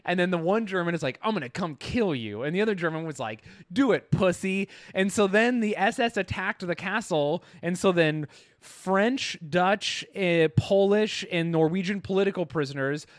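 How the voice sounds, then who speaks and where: Lively man telling a story on a podcast. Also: high-pitched, moderate pace, clean tone, dry recording, clean studio sound. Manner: animated storyteller, acting out quotes with profanity. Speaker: podcast co-host. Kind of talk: casual chat.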